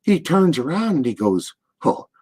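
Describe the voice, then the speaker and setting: Speaking at normal speed in a mid-range, highly animated voice, an older ex-wrestler tells a rambling story in an interview. He acts out quotes by voicing the characters.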